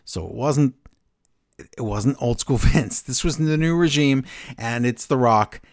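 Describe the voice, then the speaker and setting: Co-hosting a casual wrestling podcast, a man eagerly recaps scenes and acts out the quotes like an excitable storyteller. He has a medium-pitched voice and a measured pace. The sound is clean studio audio with no room sound.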